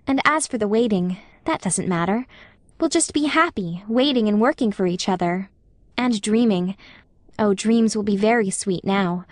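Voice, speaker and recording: A woman's voice: mid-range voice, no room sound, lightly acted. A woman voicing an eager, imaginative young woman in love in an audiobook reading.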